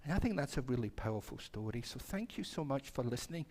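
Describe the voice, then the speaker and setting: A man's voice: medium pitch, sing-song, quick pace, darkish tone. A male minister telling a story to the children at a church service, acting out the voices and asking them questions. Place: congregation hall.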